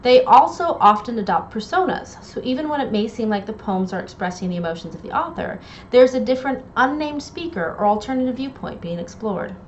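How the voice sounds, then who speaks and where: A woman English instructor giving a recorded lecture, explaining terms clearly and reading poems aloud. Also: on the high side, animated, a little fast. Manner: clear explanatory delivery with quoted poem readings. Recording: dull lo-fi audio, faint noise.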